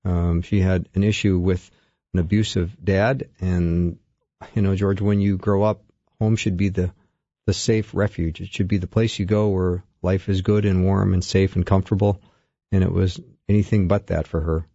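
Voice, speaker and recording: Radio co-host, man, low gravelly voice, chatty and self-deprecating, dull dry studio sound. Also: level tone, normal speed, dark tone, dry recording. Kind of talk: talk radio hosting.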